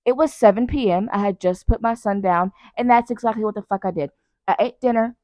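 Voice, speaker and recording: A woman's voice: medium pitch, fairly quick, dark tone, no echo, studio quality. A young woman hosting her own podcast from her couch at night, talking in a blunt, profane, rambling and self-mocking way. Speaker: podcast host. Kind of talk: casual solo podcast chat. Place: living room couch at night.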